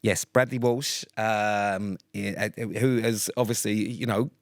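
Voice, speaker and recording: Brief: podcast co-host, sweary rambler, deeper voice. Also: male voice, fairly even intonation, a little slow, no echo, clean studio sound. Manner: sweary, rambling storyteller with many fillers. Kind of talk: casual chat.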